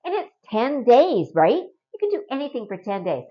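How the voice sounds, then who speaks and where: A woman's voice: a little high, very animated, moderate pace, highs cut off. A middle-aged woman from Canada talking casually and earnestly to camera in a home vlog, often adding a rhetorical "right?". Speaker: vlogger.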